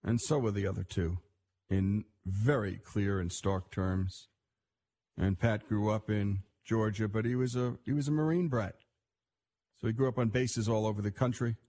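A man's voice: fairly low pitch, moderate pace, warm tone. A man hosting a radio storytelling show, introducing a segment in a reflective, conversational way.

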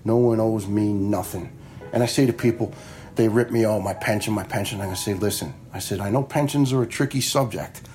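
A retired fire lieutenant from the New York area tells personal stories in a blunt, frank way, swearing freely and acting out the lines he quotes. His voice is lowish and mellow, and he talks fairly quickly over a slight hiss or hum. It's casual personal storytelling.

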